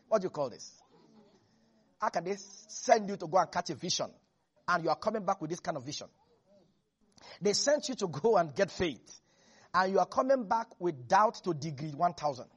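A preacher delivering a lively sermon to a congregation, laughing often and acting out Bible characters in different voices. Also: medium pitch, normal speed. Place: church with a congregation.

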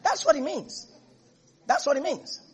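A man preaching a sermon as pastor, emphatic and repetitive, now and then rising to shouts. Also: very high-pitched, expressive, a little slow, some chatter behind.

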